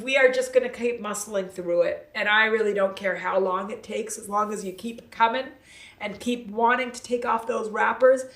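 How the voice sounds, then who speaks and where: A woman hosting a casual livestream, laughing often and reading out viewer comments. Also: medium pitch. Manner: chatty, laughing, reads viewer comments aloud. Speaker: livestream host. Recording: echoey room, distant mic.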